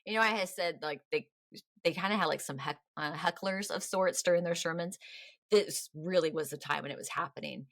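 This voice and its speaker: Podcast host, woman, low register, chatty and animated storyteller, dry close mic. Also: brisk, no echo. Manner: chatty, animated storytelling with playful voiced quotes. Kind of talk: casual history podcast chat.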